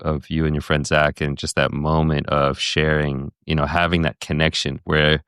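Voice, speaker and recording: A man hosts an interview with a very deep, smooth voice. He speaks calmly and affirms what he hears. The recording is dry. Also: dry recording. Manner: calm, affirming, reflective. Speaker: podcast host.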